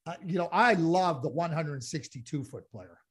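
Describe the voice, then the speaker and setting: This male co-host of a laid-back sports podcast talks heatedly, keeps starting over, and repeats himself. He sounds husky and expressive, pitched on the high side, at a normal speed.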